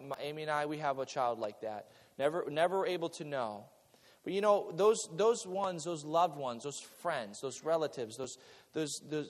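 Male pastor, fairly high voice, lively preaching style with repeated words and jokey asides; long hall reverb. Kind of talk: sermon.

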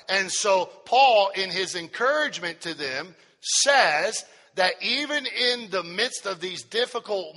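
A man preaching a sermon to a congregation, drawing out key phrases with slow, emphatic weight. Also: high-pitched, sharp tone. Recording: long hall reverb.

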